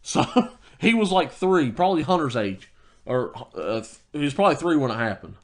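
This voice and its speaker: A man's voice: fairly high pitch, sing-song, moderate pace. Worked-up man telling a story. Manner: storytelling, quoting himself heatedly, lots of restarts. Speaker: podcast co-host. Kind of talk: casual chat.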